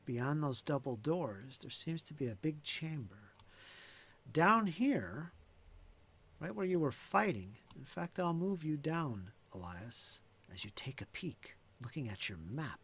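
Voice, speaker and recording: Man, game master, lively swinging pitch, rambling with fillers. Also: unhurried, husky. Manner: rambling, thinks aloud with fillers. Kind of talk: narrating a tabletop game.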